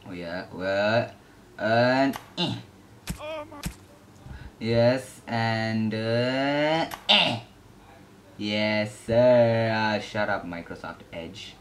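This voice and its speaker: A young man giving casual gameplay commentary, excitable and yelping at the game. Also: on the low side, extremely slow, long pauses, a little hiss or hum. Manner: excitable, yelps and shrieks at the game. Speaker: gaming YouTuber.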